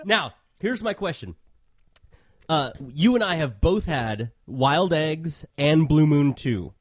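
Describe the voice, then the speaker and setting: A man co-hosting a casual podcast and running a quiz, often pausing with uh. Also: on the high side, expressive, no echo. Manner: hesitant, fills pauses with uh. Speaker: podcast co-host and quiz master. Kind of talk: casual chat.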